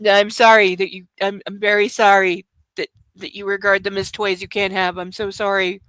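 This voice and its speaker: A woman's voice: mid-range voice, little pitch movement, moderate pace, fairly bright tone, clear, resonant tone, no room sound. A woman streaming from home, chatting casually in a rambling way and talking fondly to her dog. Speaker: streamer reading aloud to chat. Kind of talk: casual livestream chat.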